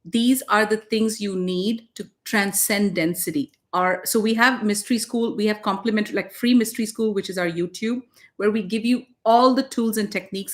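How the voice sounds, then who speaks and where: A woman spiritual teacher co-hosting a casual talk, emphatic and blunt, swearing freely. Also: medium pitch.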